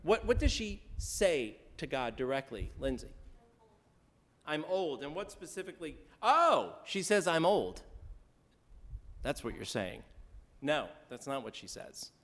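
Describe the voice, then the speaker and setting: A man's voice: fairly high pitch, very animated, normal speed, a bit bright, in a large hall. A male rabbi giving an interactive sermon in a synagogue service, talking conversationally, quizzing the congregation and slipping in wry jokes. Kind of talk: interactive sermon teaching the weekly Torah portion. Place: synagogue sanctuary during a service.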